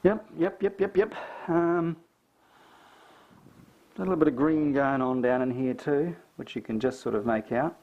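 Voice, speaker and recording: A middle-aged man with a New Zealand accent, chatting and thinking aloud as he paints a landscape, self-mocking and relaxed. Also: mid-range voice, unhurried, pauses often, highs cut off. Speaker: painting tutor. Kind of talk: casual painting tutorial.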